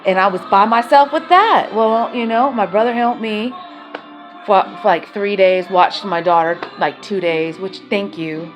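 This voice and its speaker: A woman's voice: medium pitch, measured pace, faint music behind. A woman telling her own life story as a mother, emotional and rambling, speaking bluntly and swearing.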